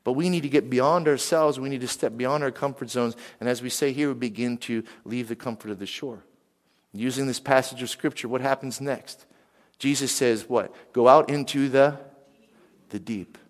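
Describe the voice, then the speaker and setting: A middle-aged man from western Pennsylvania preaches a sermon at an even middle pitch. He talks in an animated way and keeps asking the congregation questions. His voice rings with the long reverb of a large hall. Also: normal speed. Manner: animated, asks the crowd questions.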